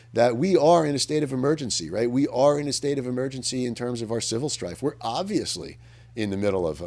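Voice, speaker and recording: A man's voice: medium pitch, creaky, a little mellow, slightly rough. A man hosting a public affairs radio commentary, talking earnestly and emphatically in an unscripted monologue, often restarting his sentences as he thinks aloud. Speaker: radio host.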